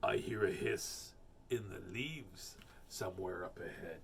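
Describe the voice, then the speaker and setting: A hulking, hungry storybook monster speaks slowly in a low, rumbling voice, played by a man reading aloud. His words drag out heavily, dim-witted but menacing. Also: creaky, fairly bright tone, a little hiss or hum, exaggerated voice. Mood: lumbering. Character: big hungry male monster, slow-witted.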